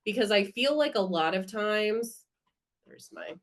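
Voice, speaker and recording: A woman's voice: mid-range voice, lively intonation, unhurried, fairly bright tone. A woman speaking as a podcast guest in a casual conversation, earnest and heartfelt, thinking aloud as she goes.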